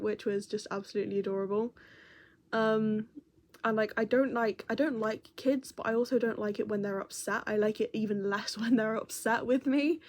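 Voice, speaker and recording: Chatty woman vlogger. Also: on the high side. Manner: chatty, rambling, self-correcting. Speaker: crochet vlogger. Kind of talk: casual chat.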